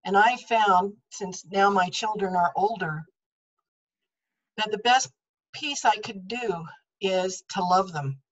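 A woman panelist on a video call, speaking in a slow, measured way. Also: medium pitch, highs cut off.

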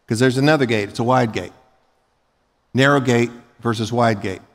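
A man preaching a sermon as pastor, emphatic and folksy, acting out short everyday scenes. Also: mid-range voice. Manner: emphatic, rising to loud peaks. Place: large church sanctuary. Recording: long hall reverb.

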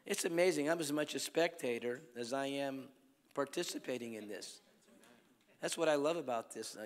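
In a large church hall full of long reverb, a middle-aged man preaches a revival sermon as an evangelist. He tells his stories with animation, breaking into squeaky voices for the characters he quotes.

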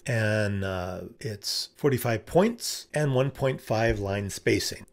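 A man's voice: on the low side, lively intonation, takes it slowly. Casual man walking through a design tutorial. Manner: casual, conversational, thinking aloud with fillers. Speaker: business coach teaching ebook design. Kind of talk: screen-share tutorial walkthrough.

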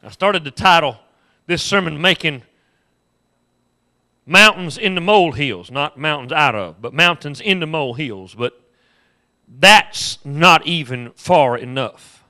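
A man's voice: on the high side, measured pace, pauses often, bright, forceful tone. A male pastor preaching a sermon with impassioned repetition and humorous storytelling.

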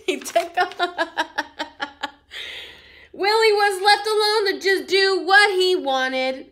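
A woman's voice: extremely high pitch, slow, pauses often, a bit bright. A young adult woman teacher reading a storybook aloud to her class, playful and full of asides.

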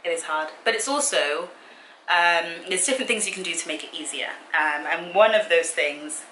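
A young woman chatting casually to camera in a Q and A, easily sidetracked and quick to laugh. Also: lowish voice, pushed and bright, reverberant, slight background noise, rough recording. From Britain. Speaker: fitness vlogger. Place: hotel room.

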